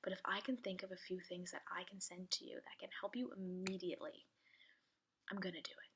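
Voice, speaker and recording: A woman's voice: on the low side, flat delivery, a little fast, a bit bright, a little hiss or hum. A woman giving a chatty, direct pep talk as a business coach. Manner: chatty, direct, encouraging, lots of "like". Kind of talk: casual motivational talk to camera.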